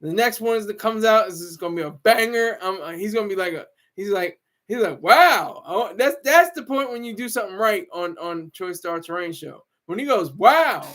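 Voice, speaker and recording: High-voiced man rambling casually. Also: brisk, few pauses, a bit bright. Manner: rambling, frequent restarts and laughs. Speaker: show regular.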